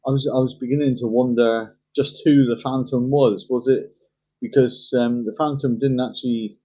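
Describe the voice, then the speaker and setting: Hesitant man with a dull, mellow voice. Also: medium pitch, steady tone, moderate pace, breathy edge. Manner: hesitant, repeats words and says um often. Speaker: podcast co-host. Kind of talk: casual chat. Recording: dull lo-fi sound.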